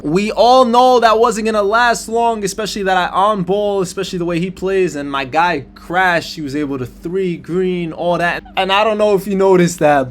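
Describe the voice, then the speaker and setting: A man's voice: high-pitched, a little hiss or hum. A young man commentating over his own basketball video game footage, talking straight to his viewers and venting his frustration in casual slang. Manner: frustrated, animated, talks to viewers as "bro" and "man". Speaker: gaming YouTuber. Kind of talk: gameplay commentary.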